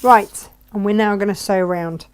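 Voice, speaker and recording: A woman's voice: medium pitch, fairly even intonation, moderate pace, clean tone. A woman chatting as she sews, talking herself through each step with self-mocking asides. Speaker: sewing vlogger. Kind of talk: chatty sewing tutorial. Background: sewing machine.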